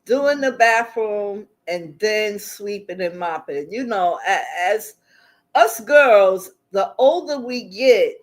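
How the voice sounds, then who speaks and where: A woman hosting a casual livestream who talks to her chat, reads the comments aloud and laughs often. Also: medium pitch. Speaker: livestream host.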